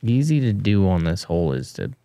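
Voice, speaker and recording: Low, gravelly male analyst for casual sports coverage; explains shots, cracks jokes, animated delivery. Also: brisk, dry recording. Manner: analytical, jokey, excitable reactions. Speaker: disc golf commentator.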